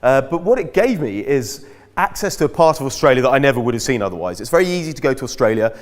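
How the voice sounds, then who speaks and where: A man's voice: mid-range voice, big pitch swings, fast. A man in a mid-range voice tells chatty, self-mocking stories to a school audience. His voice carries long reverb from a large hall. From Britain. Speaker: guest speaker at a school. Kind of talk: anecdotal talk to an audience. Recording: echoey hall.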